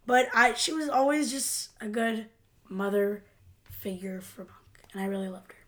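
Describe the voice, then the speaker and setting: A woman co-hosting a casual podcast, talking in an affectionate, gushing way. Her voice sits a little high. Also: normal speed, a bit bright. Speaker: podcast co-host. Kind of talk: casual chat.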